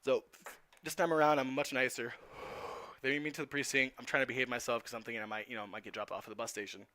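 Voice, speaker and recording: A young man from New Jersey telling a personal story in an animated, profane way, acting out the dialogue. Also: medium pitch, fast talker, dry recording. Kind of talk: casual storytelling.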